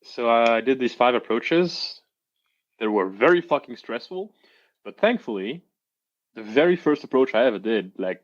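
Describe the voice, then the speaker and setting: A young man, a coaching client, telling his story in a casual interview with halting restarts, reenacting what others said. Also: mid-range voice, expressive, dry recording, dull audio.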